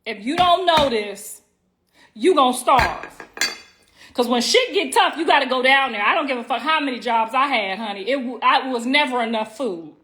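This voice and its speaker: A woman's voice: high voice, expressive, moderate pace, background noise. A middle-aged woman hosting a casual livestream from home on her phone, brash, profane and teasing, talking straight to her viewers and drawing out words for emphasis. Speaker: livestream host.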